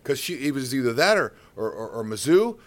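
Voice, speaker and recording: A middle-aged baseball color commentator tells stories in a casual interview, speaking briskly in a mid-range voice. He's animated, acting out the voices of the people in his tales.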